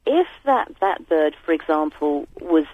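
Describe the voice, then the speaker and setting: A woman's voice: low-pitched, very animated, unhurried, dry recording. A woman calling a radio phone-in who rambles and searches for words as she chats. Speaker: caller. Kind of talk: phone-in chat. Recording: muffled phone line.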